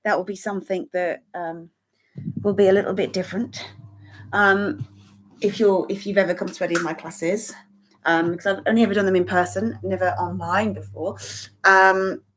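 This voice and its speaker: A woman's voice: mid-range voice, fairly even intonation, normal speed, a bit bright, a little hiss or hum. A woman teaching a live tap dance lesson from a kitchen, a little out of breath, chatty with many ums and restarts. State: slightly out of breath. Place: kitchen of a small bungalow. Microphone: phone set on the floor. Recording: roomy sound from a distance.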